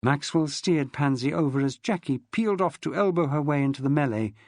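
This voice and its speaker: Expressive male audiobook narrator. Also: fairly high pitch, brisk, dry recording, studio quality.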